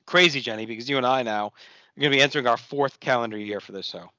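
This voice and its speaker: A man's voice: medium pitch, fast, sharp tone, dry recording, dull audio. A man co-hosting a podcast, casually recapping wrestling shows and swearing freely. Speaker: podcast co-host.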